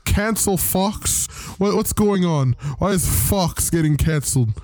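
A man's voice: sits high, unhurried, a little mellow, no room sound, faint music behind. A man hosting a podcast, casually recapping a comic in a rambling, profane way and briefly putting on voices for the characters. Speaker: podcast host.

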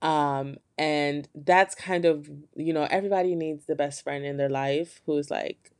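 An earnest podcast host speaks in a candid solo chat, leaning on "like" at every turn. The talk is slangy and loose, and it lifts into animated bursts when the mood turns hopeful. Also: mid-range voice, a little slow, clear, resonant tone. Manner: earnest, candid, heavy on filler "like".

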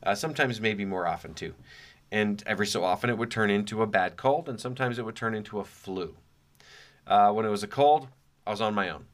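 A middle-aged man with a fairly low voice talks casually and reflectively, as if in conversation with listeners. He drops in dry, self-mocking asides between his thoughts. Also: brisk. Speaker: podcast host. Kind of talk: casual monologue.

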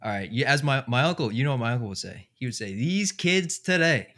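A man's voice: medium pitch, racing, fairly bright tone. A man hosting a casual sports podcast, thinking aloud with lots of fillers. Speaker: podcast host.

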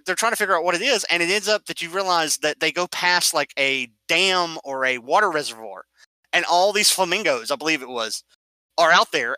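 A man whose voice is a little high tells film scenes with animation in a casual movie chat, acting them out and spelling out the details. It's a low-quality recording without any room sound.

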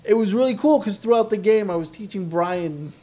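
A man co-hosting a casual podcast, telling lively stories and acting out what people said. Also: high-pitched, a little fast. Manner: animated storyteller, acts out quotes. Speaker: podcast co-host. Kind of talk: casual chat.

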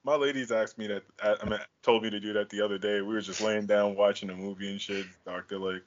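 A man hosting a podcast in casual chat, talking in a profane, slangy, animated way. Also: on the low side, quick pace, muffled recording. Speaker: podcast host.

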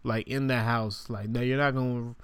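A man co-hosting a casual chat about rap music, relaxed and opinionated. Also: mid-range voice, moderate pace, smooth, dry recording.

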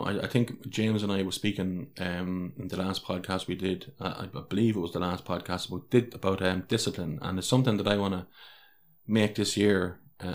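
An Irish man with a very low, deep voice hosts a solo podcast, talking candidly and rambling. He keeps restarting sentences and swears freely.

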